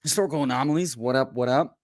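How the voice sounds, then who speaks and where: A man hosting a casual livestream from home, hyped and folksy, who keeps calling people brother and bursts into loud pep talks. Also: mid-range voice, fast talker, dry recording, clean studio sound. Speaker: host.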